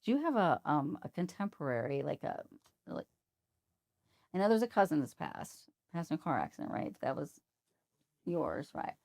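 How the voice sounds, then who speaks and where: A woman's voice: low voice, very animated, moderate pace, creaky, long pauses, darkish tone. A woman working as a psychic medium, chatting casually on a podcast, laughing often and acting out quoted voices.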